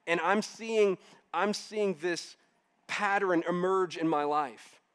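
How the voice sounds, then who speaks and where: A man's voice: high voice, slow, a bit bright, smooth. Man preaching a dramatic sermon. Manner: dramatic, building to emphatic declarations. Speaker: pastor. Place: church.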